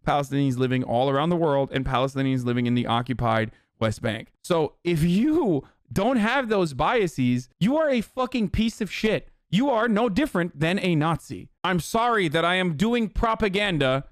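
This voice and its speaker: A man commenting angrily on a clip he plays, swearing often and sometimes shouting in disbelief. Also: a little high, animated, moderate pace, hardly any pauses, dry recording, clean studio sound. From American South. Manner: profane, angry, incredulous, sudden shouts. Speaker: streamer reacting to a clip. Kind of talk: heated reaction commentary.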